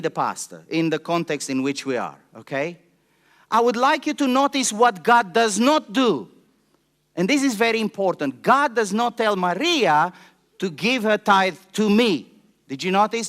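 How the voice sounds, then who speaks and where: A male pastor preaching a sermon to a congregation, passionate and animated, often asking the listeners questions. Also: high-pitched.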